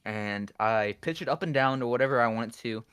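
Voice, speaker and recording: A man's voice: medium pitch, fairly quick, fairly bright tone, smooth. A young man, a guest music producer, chatting candidly on a podcast and rambling with lots of fillers. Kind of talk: casual podcast chat.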